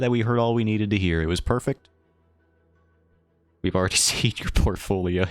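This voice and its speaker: A man's voice: fairly low pitch, brisk, soft background music. A man streaming live, chatting casually and playfully with his viewers in a rambling, self-mocking way. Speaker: livestreamer.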